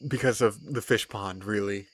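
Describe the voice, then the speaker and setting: A young man, excitedly commenting on his gameplay, repeating himself and laughing often. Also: lowish voice, moderate pace, husky. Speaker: streamer.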